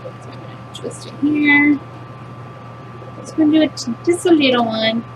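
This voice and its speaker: Speaking in a high-pitched voice at a moderate pace, a middle-aged woman demonstrates a craft project with her hands. Her chat is casual and self-deprecating. A loud furnace hums in her home, making the recording noisy.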